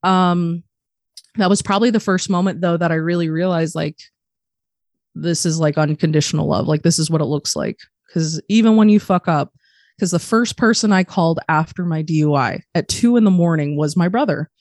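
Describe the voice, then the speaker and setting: A young adult woman on a podcast, candidly telling a personal story in a profane, animated way and acting out the voices of the people in it. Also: on the low side, normal speed, no echo, clean studio sound. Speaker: podcast guest.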